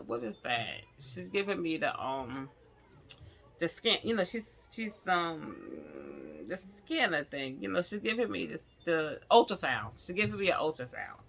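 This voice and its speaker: A middle-aged woman telling a personal story to camera, animated and talking straight to her viewers, acting out the other people's lines. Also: fairly low pitch, gravelly, slight background noise. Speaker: vlogger.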